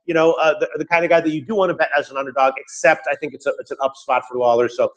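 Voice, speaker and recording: A man's voice: a little high, steady tone, very fast, a bit bright, low-quality recording. A young man giving sports betting picks in casual chat, rambling with restarts and joking asides.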